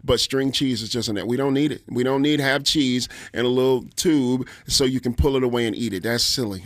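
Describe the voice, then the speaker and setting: A man's voice: medium pitch, fairly quick, hardly any pauses, no echo. A man hosting a morning radio show, teasing his listeners with playful, opinionated rants. His voice sits in a middle range, recorded close and dry with no room sound. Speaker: radio host. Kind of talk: casual on-air chat.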